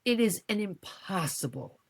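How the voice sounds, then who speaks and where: A woman's voice: mid-range voice, measured pace, creaky. A middle-aged American woman, a podcast guest, speaking candidly and emotionally in a conversational interview. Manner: emotional, candid, animated when quoting others.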